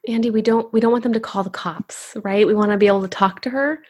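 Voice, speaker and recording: Woman player, mid pitch and a bit husky, cautious and placating. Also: fairly even intonation, quick pace, a little mellow. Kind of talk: casual tabletop game play.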